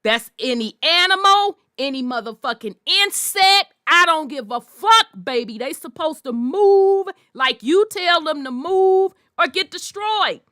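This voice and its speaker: Woman, podcast host, high bright voice, slow deliberate delivery, profane and preachy, dry close sound. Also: lively intonation, no echo. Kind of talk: impassioned podcast monologue.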